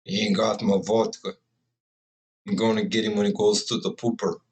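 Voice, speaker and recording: A man's voice: on the low side, little pitch movement, normal speed, darkish tone, recorded from a distance, close to an everyday voice. A man voicing a vengeful male Siberian tiger in a failed attempt at a Russian accent. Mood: grudging.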